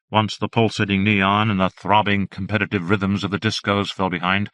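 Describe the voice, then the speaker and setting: A man narrating an audiobook in a measured, steady reading style. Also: lowish voice, dry recording. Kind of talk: scripted narration.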